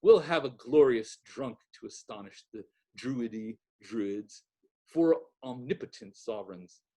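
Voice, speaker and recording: A man voicing a boisterous, mocking young man with a hearty, booming voice in a read-aloud novel. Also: animated, measured pace, a little mellow. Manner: hearty, booming, sings off-key.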